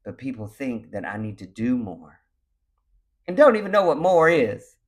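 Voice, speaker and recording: A man delivers a motivational message in a lively, emphatic voice. His pitch sits in the middle range and swings widely when he acts out quoted voices. He leans on repetition to drive home his points. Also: moderate pace. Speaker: motivational speaker.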